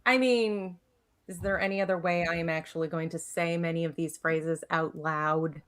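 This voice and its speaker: A woman on a podcast who reads scripture aloud and chats with a sarcastic, deadpan manner. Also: on the low side, normal speed. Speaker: co-host reading scripture. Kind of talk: casual podcast chat and scripture reading.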